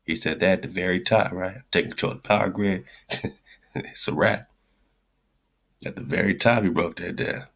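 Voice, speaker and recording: A man with a very low voice and a rough, gravelly texture. He hosts a radio show and talks over a clip in blunt, profane slang, circling back to his points again and again. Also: steady tone, normal speed, pauses often, a bit bright. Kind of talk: commentary on a played clip.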